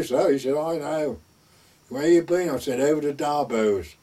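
An older man with a husky voice telling a long, rambling oral-history story in plain rural dialect, full of "he said, I said.". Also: on the high side, moderate pace, mellow. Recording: voice far from the mic.

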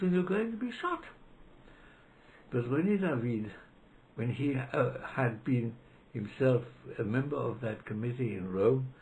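An older man, not a native English speaker, tells his stories slowly with many pauses and "uh"s, his pitch sitting in an ordinary middle range. A faint hiss runs under the recording. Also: poor audio. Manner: hesitant, anecdotal, acts out quotes in raised voice. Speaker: interviewee, retired law professor. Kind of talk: oral history interview.

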